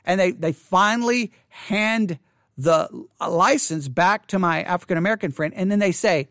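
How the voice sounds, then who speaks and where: A man's voice: high-pitched, normal speed, fairly bright tone, no room sound, studio quality. Impassioned man telling a personal story. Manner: impassioned, indignant, retells with quoted dialogue. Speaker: Christian video host.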